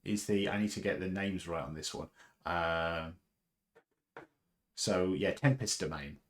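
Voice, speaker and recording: A man chats casually on his livestream, rambling with plenty of fillers. His voice sits fairly low. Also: measured pace. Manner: rambling, chatty with fillers and laughs. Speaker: livestream host.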